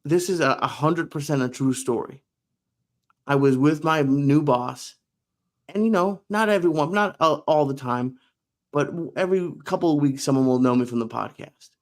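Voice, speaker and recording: A man in a casual podcast chat, telling animated, self-deprecating stories. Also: fairly high pitch, moderate pace. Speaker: podcast co-host.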